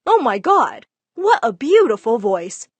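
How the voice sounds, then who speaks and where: A woman voicing an excited, insistent man who is a friend of the father. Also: on the high side, a little slow, breathy edge, no room sound, exaggerated voice. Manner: eager, insistent.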